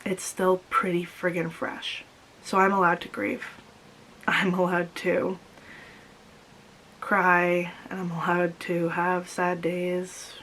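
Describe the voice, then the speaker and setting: A young woman vlogging about her grief, speaking while crying, halting and repeating herself. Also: lowish voice, monotone, a bit bright, a little hiss or hum, low-quality recording. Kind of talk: personal confessional vlog.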